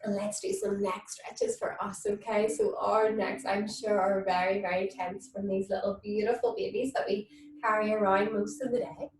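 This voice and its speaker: A woman leading a mum and baby yoga class, giving soft, soothing instructions and cooing at babies in a sing-song voice. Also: medium pitch, normal speed. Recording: echoey room, mic at a distance.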